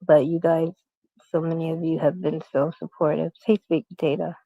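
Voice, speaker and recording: A woman's voice: low voice, flat delivery, normal speed, gravelly, no echo, phone-quality sound. A middle-aged woman livestreaming on her phone from a hospital room. She rambles casually and keeps greeting viewers by name. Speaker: YouTube livestream host.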